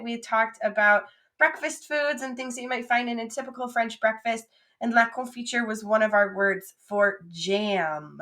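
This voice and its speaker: A young adult woman teaching a French vocabulary lesson, modelling each word slowly and coaxing her students to repeat after her. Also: on the high side, fairly bright tone. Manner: slow, drawn-out modelling of each French word, then quick English asides.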